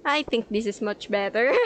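A woman's voice: fairly high pitch, fairly bright tone, a little hiss or hum. A woman casually commenting on her own gameplay, playfully chatting at the enemies and giggling often. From Philippines. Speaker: gaming channel host. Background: background music.

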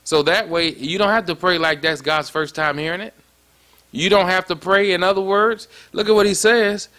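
A man's voice: sits high, fairly even intonation, normal speed, pushed and bright. A man preaching a sermon in a conversational way, often stopping to ask "you see that?". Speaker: pastor.

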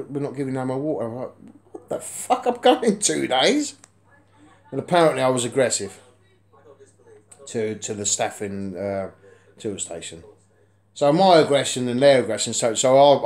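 A man's voice: mid-range voice, darkish tone. A man, vlogging from indoors in a house, rambling bluntly and swearing constantly. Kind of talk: casual vlog chat.

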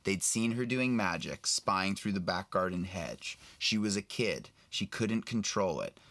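A man reading aloud as a bitter, grieving old wizard brother, slow and measured. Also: deep voice, lively intonation, fairly bright tone, dry recording, full character voice.

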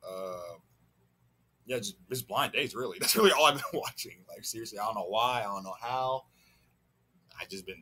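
A man's voice: mid-range voice, fairly bright tone, slightly rough. A man hosting a reaction video, chatting casually and rambling with frequent stutters and laughs.

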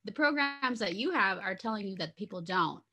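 A woman's voice: medium pitch, expressive, moderate pace, pushed and bright. A woman co-hosting a book club podcast in casual chat, joking playfully and cheering on her co-host.

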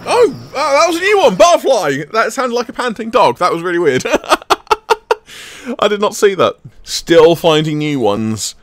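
A man giving casual gameplay commentary into a desk microphone, excitable and chatty and laughing often. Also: high-pitched, normal speed. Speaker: gaming video creator. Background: faint game music.

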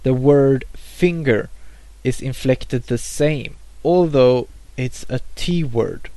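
A man teaching a grammar lesson, reading example words slowly with a pause after each one. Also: mid-range voice, warm tone, no room sound. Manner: measured, pausing between each example word. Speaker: language teacher.

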